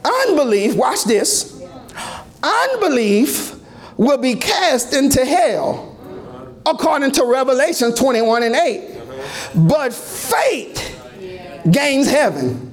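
Man, preacher, high-pitched, slow and drawn-out, impassioned shouting, church sermon. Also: sing-song. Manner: impassioned shouting and chanting, with rising cries. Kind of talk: fervent sermon.

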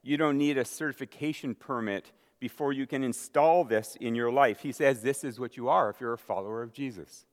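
A male pastor delivers his sermon with mounting emphasis, slowing and raising his voice on key lines before dropping back to a conversational tone. His voice sits at an ordinary middle pitch. The sound rings with the long reverb of a large hall. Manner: emphatic preaching with dramatic pauses and rising volume.

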